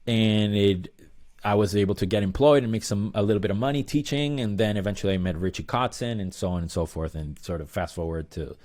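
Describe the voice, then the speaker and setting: A man's voice: fairly low pitch, fairly quick, darkish tone. A man in his thirties, a musician guest, telling a long rambling story in an interview with lots of fillers.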